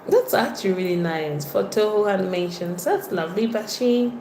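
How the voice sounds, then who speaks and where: Nigerian lady on a livestream, chatting to viewers by name, mid pitch, echoey room w a bit of noise. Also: normal speed. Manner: chatty, greets viewers by name, lively exclamations. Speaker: livestream host. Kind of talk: casual livestream chat reading viewer comments.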